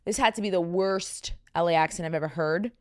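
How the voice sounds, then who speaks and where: A young woman hosting her own podcast in casual, chatty talk. Her voice sits a bit deep, with some vocal fry, and she runs on with fillers and asides. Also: brisk, darkish tone. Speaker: podcast host. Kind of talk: casual chat.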